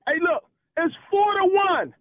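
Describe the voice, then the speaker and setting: Caller guy trash talking over a tinny phone line, high voice. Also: unhurried, dry recording. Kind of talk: call-in sports banter.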